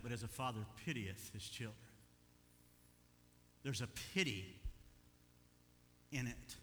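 An older man preaching a sermon as pastor, animated, moving between quiet asides and loud urging. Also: mid-range voice, long reverb tail.

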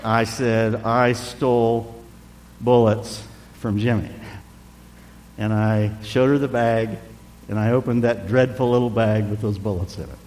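A man in his sixties preaching a sermon, telling a personal story with animated delivery that drops to a hush at tender moments. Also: on the low side, moderate pace, big-room sound, slight background noise. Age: 60s. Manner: animated, drops to hushed tones for emotional moments.

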